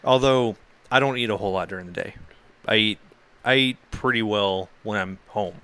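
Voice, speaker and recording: A young man chatting as a podcast guest, jokey with deadpan replies. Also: fairly low pitch, moderate pace, clear, resonant tone. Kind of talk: casual chat.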